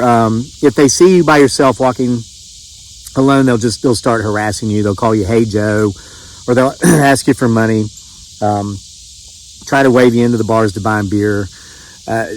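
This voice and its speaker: A man's voice: medium pitch, slight background noise, rough recording. A middle-aged man from West Virginia, casually telling a rambling story with quoted dialogue. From West Virginia, USA. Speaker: channel host telling a story.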